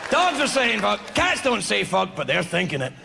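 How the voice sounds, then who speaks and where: Male comedian yelling and cussing onstage, high gravelly voice, crowd noise all over. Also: normal speed. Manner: loud, animated, heavily profane delivery. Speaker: stand-up comedian. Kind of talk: stand-up comedy set. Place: comedy venue before an audience. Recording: live club with crowd and noise.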